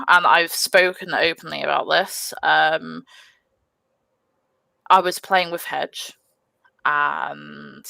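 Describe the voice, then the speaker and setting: A young woman telling a gaming story on a podcast, animated and swearing freely, with lots of fillers. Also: fairly low pitch, gravelly, no room sound. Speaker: podcast guest, gamer. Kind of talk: casual storytelling.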